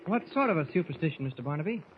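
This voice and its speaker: An actor playing a polite, inquisitive newspaper reporter, in 1940s radio drama style, on a dull, hissy old radio recording. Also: male voice, a little high, lively intonation, lightly acted. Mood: curious. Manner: courteous, inquisitive, measured.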